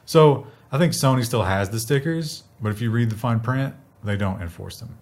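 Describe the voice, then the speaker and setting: A man's voice: medium pitch, moderate pace. A man co-hosting a casual tech news show, chatty and fond of acting out what people said. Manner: chatty, acts out quotes in lively bits.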